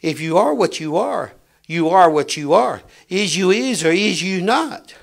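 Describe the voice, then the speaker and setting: A middle-aged man preaching with a fairly high voice. He drops to a hush, then rises to a shout as he tells stories from the pulpit. The sermon is dramatic and full of anecdotes. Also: animated, measured pace, creaky. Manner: dramatic swings from hushed to shouting, storytelling preacher.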